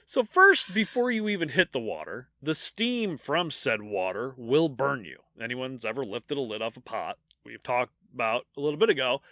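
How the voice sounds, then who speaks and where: A man co-hosts a podcast and recounts dark history like a campfire story, cracking jokes at the grisly parts. His pitch swoops all over as he talks. His voice is bright and sits dry and close to the mic. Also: no room sound. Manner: animated storyteller, jokes about grim details. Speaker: podcast co-host.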